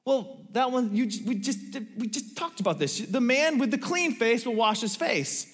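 A man's voice: extremely high pitch, expressive, normal speed, breathy edge, pitched above the performer's own voice, heavily acted. A man voicing an overconfident young male student who insists he can handle the test, in a long-reverb hall. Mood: impatient. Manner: insistent, pleading.

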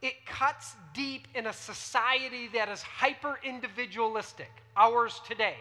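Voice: mid-range voice, measured pace, sharp tone. A preacher giving a teaching sermon, often putting questions to the listeners. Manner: teaching, asks the audience questions. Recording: reverberant hall.

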